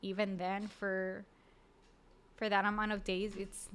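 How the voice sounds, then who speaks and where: A woman as a podcast guest, telling a personal story in an emotional, halting way with many fillers and restarts. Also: medium pitch, level tone, fairly bright tone, a little hiss or hum. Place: podcast studio.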